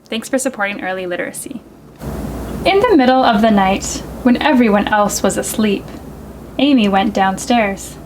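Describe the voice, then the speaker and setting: A woman librarian reading a picture book aloud to children in a gentle, expressive, sing-song way. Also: medium pitch, normal speed, a little hiss or hum, rough recording. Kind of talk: storytime read-aloud for children.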